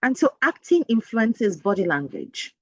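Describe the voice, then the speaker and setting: A woman's voice: a little high, big pitch swings, unhurried, no echo. Earnest Nigerian woman giving a webinar talk. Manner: earnest, emphatic, direct, teacherly. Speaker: educator and webinar speaker. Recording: dull lo-fi dry sound.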